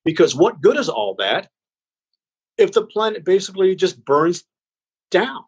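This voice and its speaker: A man guest on an interview podcast giving a heartfelt spiritual message, slow and emphatic in an earnest, preaching way. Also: high-pitched, big pitch swings, husky, lo-fi sound.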